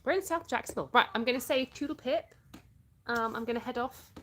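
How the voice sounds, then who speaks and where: A woman's voice: fairly high pitch, fairly quick, fairly bright tone. A woman with an English accent, chatting casually on a live stream, answering viewer comments, laughing often and sometimes searching for words. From born in the US, raised in England.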